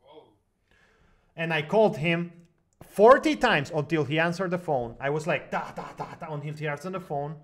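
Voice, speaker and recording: Animated rambling man on a call. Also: on the high side, moderate pace, long pauses. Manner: animated, talks in run-on bursts with fillers and restarts. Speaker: guest on a live online broadcast. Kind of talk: long rambling personal story in casual discussion.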